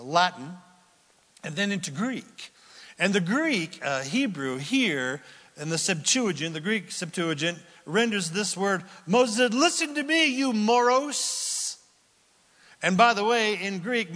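A man preaching a sermon in a lively, theatrical way, acting out the quotes he reads. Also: high voice. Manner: animated preaching, acts out quotes loudly. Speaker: pastor. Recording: long hall reverb.

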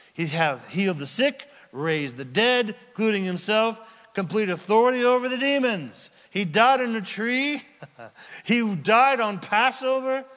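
Long, hall-like reverb surrounds a high-voiced man giving a sermon. Dramatic and instructive, he quizzes his listeners and supplies the answers himself, moving between loud cries and hushed near-whispers.

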